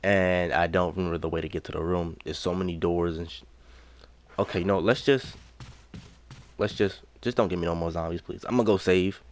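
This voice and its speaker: A man's voice: deep voice, fairly even intonation, brisk. A young man playing a horror game, talking to himself and repeating lines as he goes, breaking into panicked yelps when danger hits. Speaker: gaming YouTuber. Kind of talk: let's play commentary.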